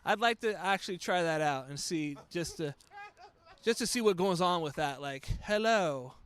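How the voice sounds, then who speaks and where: A man's voice: on the high side, lively intonation, moderate pace, a bit bright, clean tone. A man, a standup comic, chatting casually as a guest in a laid-back, rambling way with playful voice bits. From Los Angeles. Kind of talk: casual chat.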